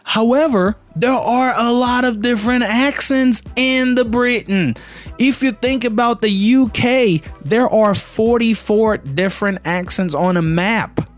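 A man's voice: extremely high pitch, a little slow, soft background music. A man teaching a casual English lesson, talking straight to the listener with lots of rhetorical questions.

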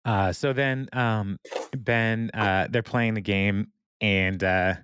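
Lower-voiced man laughing through a recap. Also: steady tone, takes it slowly, a bit bright, slight background noise. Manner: laughs often, retells scenes with quoted lines. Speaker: podcast co-host. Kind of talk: casual chat recapping a TV episode.

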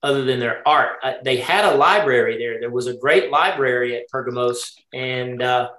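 A man at a middle pitch teaching a Torah study class, thinking out loud as he goes. He keeps turning to his listeners with questions and checks like "right?". His voice carries a clear echo from the room around him. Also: normal speed, a little hiss or hum. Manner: thinking aloud, quizzing the group. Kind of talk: interactive Torah study lesson.

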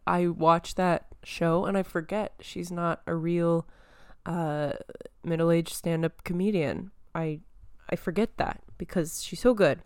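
A young woman talking through movie and TV news in a loose, rambling way, full of ums and little laughs. Her voice sits slightly low and comes across smooth and clean, with a touch of phlegm in the throat. It is recorded close and dry, with no room sound. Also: dry recording. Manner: rambling, many fillers and giggles. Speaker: podcast host. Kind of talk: casual pop-culture chat.

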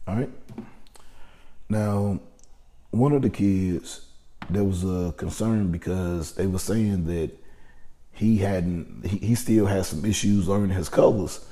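A man's voice: low voice, slow, pauses often, dark tone. A man telling a personal story in a casual, profane, rambling monologue, often restarting his sentences.

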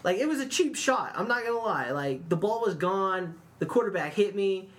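A man's voice: high voice, lively intonation, normal speed, a bit bright. A young man co-hosting a podcast, telling a rambling story in casual chat, swearing often and saying "dude" and "like" a lot. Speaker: podcast co-host.

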